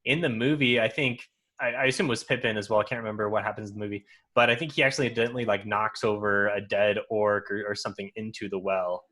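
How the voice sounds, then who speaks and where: A man's voice: fairly low pitch, fairly even intonation, fast talker, fairly bright tone. A man co-hosting a podcast, talking through a book review in a casual, thoughtful way, explaining his points at length. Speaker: podcast co-host.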